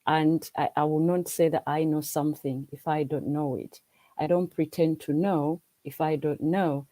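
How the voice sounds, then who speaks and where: A Ugandan woman who speaks English as a second language appears as a guest on a livestream video call, chatting casually and earnestly. Her deep voice is warm and steady at a normal speed, and she often restarts and repeats herself. The recording is rough but has no room sound.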